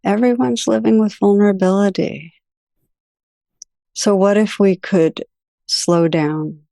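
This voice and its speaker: A woman giving a reflective meditation teaching talk, telling stories gently with soft, unhurried pauses. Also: medium pitch, fairly even intonation, gravelly, no room sound, studio quality.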